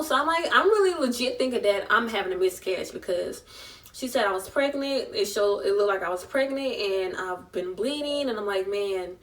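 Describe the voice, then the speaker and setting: A woman's voice: mid-range voice, lively intonation, normal speed, a bit bright, recorded from a distance. A young woman, telling an emotional personal story in a vlog and acting out the voices of the people in it. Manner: chatty, emotional retelling with voiced quotes. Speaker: vlogger.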